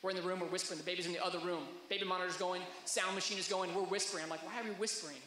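A man in his thirties preaching a sermon, telling stories that swing from hushed to loud. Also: high-pitched, little pitch movement, very fast, a little hiss or hum. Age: 30s. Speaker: pastor. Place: church hall. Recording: echoey hall.

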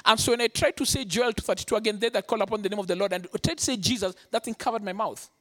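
A man's voice: high voice, rapid-fire. Man preaching a testimony. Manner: animated storytelling, acting out quotes. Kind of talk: sermon testimony.

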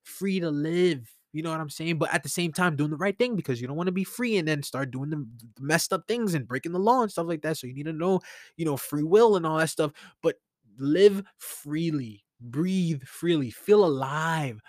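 A man's voice: a little high, dry recording, clean studio sound. Man giving a casual pep talk. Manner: slows down to stress key phrases; conversational, talks straight to the listener. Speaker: podcast host. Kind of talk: casual motivational monologue.

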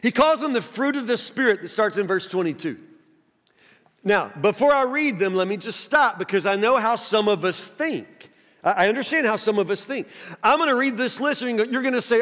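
A man's voice: very high voice, expressive, a little fast, a bit bright. A male pastor preaching a sermon in a conversational style, often restarting words and asking the congregation direct questions. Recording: long hall reverb.

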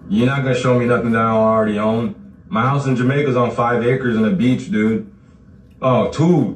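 A man rants on a livestream, bragging and cursing and mocking whoever he is talking to. His voice sits at an ordinary middle pitch. The sound is roomy and comes from a little distance off the mic. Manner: boastful, mocking, profane, laughing often. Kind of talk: casual livestream rant.

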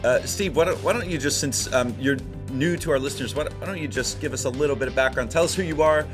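A male podcast host speaks in a friendly, lively and playful way, at a middle pitch. Plucked guitar music plays clearly beneath his voice. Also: fast. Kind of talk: podcast hosting.

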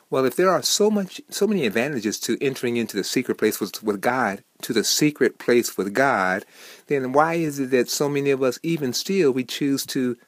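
A man hosting a short devotional program, preaching with lively swings between soft and emphatic delivery. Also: mid-range voice, dry recording. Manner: animated, swings from soft to emphatic, acts out quoted people.

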